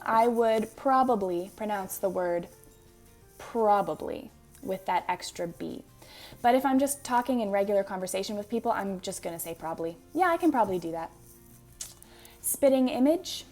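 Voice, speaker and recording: A woman's voice: mid-range voice, a little mellow. Chatty woman with a Manitoban accent. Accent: Manitoban Canadian. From Manitoba, Canada. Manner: chatty, explains word by word, upbeat. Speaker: vlogger doing an accent tag. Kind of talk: casual talk to camera.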